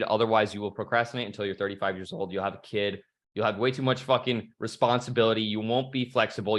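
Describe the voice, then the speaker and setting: On a video call, a young male motivational speaker gives a fired-up talk in a mid-range, slightly bright voice. It's casual and profane, packed with bro slang.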